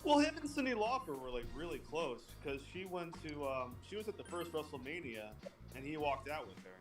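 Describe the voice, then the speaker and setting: Lively, swearing man telling stories. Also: on the high side, fairly quick, over music. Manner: animated storyteller, swears freely. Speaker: stream co-host. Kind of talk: casual chat over gameplay. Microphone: phone over voice chat.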